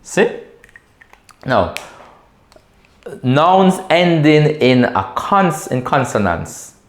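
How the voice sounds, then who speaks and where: Male teacher, slow patient delivery, lively rising and falling pitch, echoey classroom. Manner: patient, repeats words slowly and often checks with "right?". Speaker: Spanish teacher. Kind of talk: classroom lesson at a whiteboard.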